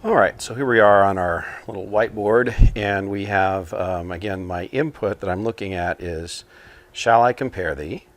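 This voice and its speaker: A man teaching computing, talking a class through a problem at a whiteboard in a relaxed, explanatory way with frequent fillers. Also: low-pitched, normal speed. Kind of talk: casual whiteboard lesson explanation. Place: small room at a whiteboard.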